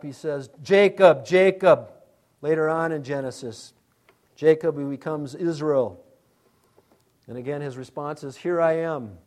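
A man preaching with a voice pitched a touch higher than most men. He swings from loud, ringing calls down to soft, hushed asides, always in the dramatic manner of a sermon. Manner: dramatic, calls out names loudly then drops to a hush. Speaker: pastor.

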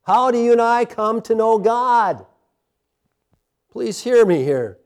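Pastor preaching then praying soft, high voice, church sanctuary. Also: male voice, lively intonation, takes it slowly. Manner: impassioned, rising to near-shouts in sermon, hushed in prayer. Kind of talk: sermon with closing prayer.

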